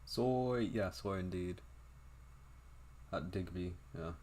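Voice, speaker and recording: A young man rambles through a casual game livestream, tossing out offhand remarks and frequent swearing. His voice sits very low and deep. He talks loosely to his viewers, often trailing off mid-thought. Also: takes it slowly, warm tone. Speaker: game streamer.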